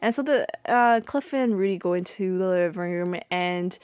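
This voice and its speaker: Chatty young woman, low and dry. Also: normal speed, a little mellow, clean tone, no room sound. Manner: chatty and rambling, full of fillers and asides. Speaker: podcast host. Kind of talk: casual episode recap.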